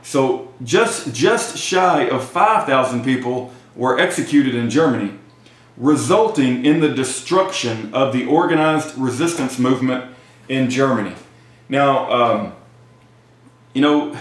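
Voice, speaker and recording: A man talking in a halting casual monologue full of fillers and restarts, and at times reading aloud from a text. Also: medium pitch. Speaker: video commentator. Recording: very echoey room.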